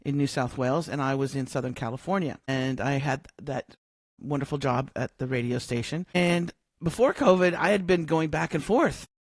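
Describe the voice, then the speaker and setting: A woman's voice: extremely low pitch, moderate pace, no room sound. Dry-voiced woman telling a story. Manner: lively storyteller who acts out quoted dialogue. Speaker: podcast guest, coach. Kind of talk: casual storytelling interview. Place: home, living in Australia.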